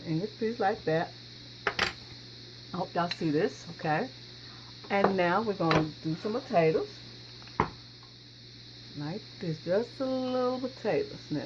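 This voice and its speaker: A folksy woman cooks and talks her viewers through each step, calling out to them as y'all. The recording is dull and lo-fi, with a steady hiss of background noise. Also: mid-range voice, unhurried, long pauses. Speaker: home cooking host. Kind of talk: casual cooking demonstration.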